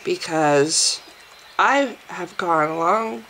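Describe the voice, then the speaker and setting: A woman vlogs at home, talking slowly and rambling with candid restarts. Her asides turn self-deprecating, and a faint hum sits behind her voice. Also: medium pitch, animated, fairly bright tone. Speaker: video blogger. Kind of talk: casual personal vlog.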